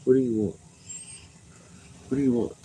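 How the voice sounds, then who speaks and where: A man at home talking casually to his dogs, swearing freely and slipping into high coaxing pet talk. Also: moderate pace, mellow, slight background noise, low-quality recording.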